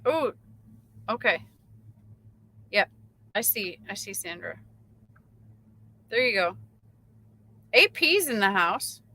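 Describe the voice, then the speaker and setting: A woman's voice: mid-range voice, big pitch swings, takes it slowly, pauses often, sharp tone, low-quality recording. A woman, a truck driver, chatting casually on a late-night livestream and reading out viewer comments, rambling with lots of fillers.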